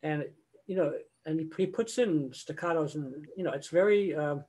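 A man's voice: on the high side, normal speed, darkish tone. An older man, a choral conductor, giving a conversational lecture over a video call and breaking into sung example phrases. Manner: conversational, sings example phrases mid-explanation.

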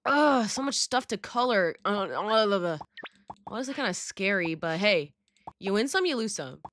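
A woman's voice: medium pitch, animated, normal speed, a bit bright, a little hiss or hum. A young woman giving bubbly, dramatic, slangy commentary while playing a game, with sudden squeals. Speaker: gaming YouTuber. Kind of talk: casual gaming commentary.

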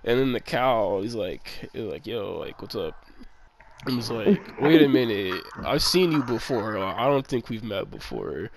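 A man's voice: mid-range voice, lively intonation, unhurried, crowd noise. A man telling a rambling, profane story in a casual chat, full of laughs.

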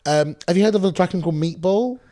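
A man's voice: sits high, quick pace, dark tone, dry recording, studio quality. Chatty giggly London man. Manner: chatty, giggly storyteller with crude humor. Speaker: drag performer guest. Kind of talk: casual chat.

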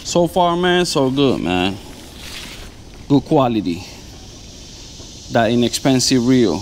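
A man vlogging while fishing outdoors on a lapel mic, talking casually and excitably, with "man" and "bro" in every sentence. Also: medium pitch, slow pace, long pauses, slight background noise. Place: outdoors by the water.

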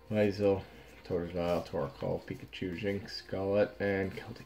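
A man's voice: on the low side, normal speed, faint music behind. Exasperated young man opening card packs. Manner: frustrated, swings between muttering and outbursts. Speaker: card pack opener. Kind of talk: casual pack-opening vlog.

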